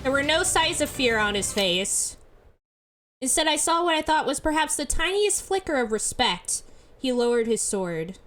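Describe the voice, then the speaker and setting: A woman's voice: high voice, big pitch swings, normal speed, a bit bright, soft background music. A woman playfully reading a visual novel aloud as a let's play host, often breaking into giggles. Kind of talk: narrating a visual novel, casual chat.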